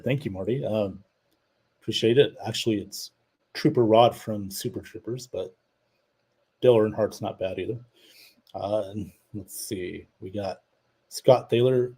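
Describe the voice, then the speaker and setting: A man's voice: fairly low pitch, unhurried, mellow, breathy edge, poor audio. A man hosting a live show, chatting casually about his team and reading out viewer comments. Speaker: podcast host. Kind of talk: casual live-stream chat.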